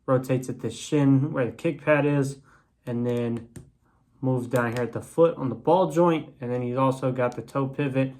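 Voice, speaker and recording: A man's voice: medium pitch, fairly even intonation, normal speed, darkish tone. Rambling man reviewing a toy figure. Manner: rambling, many fillers and restarts. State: has the hiccups. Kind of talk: casual unboxing review.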